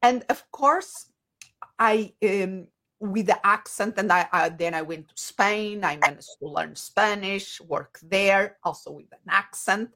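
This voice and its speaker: A woman, an English speaker, talking as an interview guest and often pausing to search for words. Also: medium pitch, bright, forceful tone. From Portugal. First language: Portuguese. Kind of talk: conversational interview.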